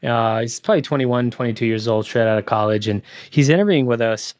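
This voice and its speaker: A middle-aged man hosts a casual podcast chat and tells lively stories, acting out the voices of others. His voice sits at an ordinary pitch. The recording is close and dry. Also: fast talker, no echo. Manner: storytelling, animated impressions of others. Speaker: podcast host. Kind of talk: casual conversation.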